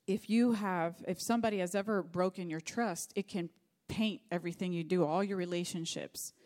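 A woman's voice: lowish voice, steady tone, normal speed, a little mellow. A middle-aged woman pastor preaching a sermon, telling a personal story in an earnest, faith-focused way.

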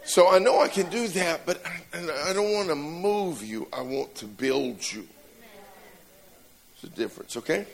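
A man's voice: fairly high pitch, lively intonation, normal speed, creaky. A man preaching a sermon in church, telling jokes and stories with self-deprecating humor. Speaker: pastor.

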